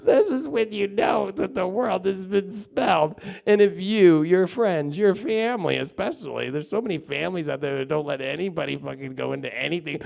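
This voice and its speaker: A man's voice: sits high, normal speed, creaky, hardly any pauses, darkish tone. A man giving a casual live-stream tarot and astrology reading, rambling, swearing freely and acting out mocking quotes. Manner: rambling, filler-heavy talk.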